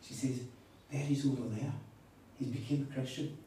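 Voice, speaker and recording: A man's voice: medium pitch, steady tone, moderate pace, warm tone. A man preaching a sermon, telling stories with emphatic repeats. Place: hall at a retreat. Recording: echoey hall, mic far off.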